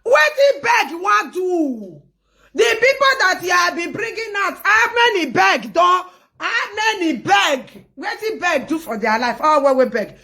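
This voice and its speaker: A Nigerian woman with a high, lively voice holds forth on a phone live stream. Her delivery is emphatic and animated, and she often pushes into near-shouting. It sounds like unscripted gossip commentary straight to her viewers. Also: measured pace, vocal fry.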